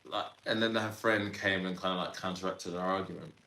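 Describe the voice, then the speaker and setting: Lower-voiced man telling a story, echoey. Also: fairly quick, a little hiss or hum. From Sudan, raised in Ireland. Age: 30s. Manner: animated, slangy storytelling with many fillers. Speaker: podcast guest. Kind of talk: casual storytelling interview.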